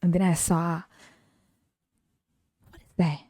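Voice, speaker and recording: Chatty young woman with a low voice. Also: moderate pace. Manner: laughs often, animated retelling with quoted voices. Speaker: podcast host. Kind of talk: casual solo storytelling.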